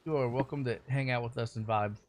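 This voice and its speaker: A man's voice: medium pitch, steady tone, fast. A man casually chatting on his gaming stream, rambling and swearing freely as he talks through the game.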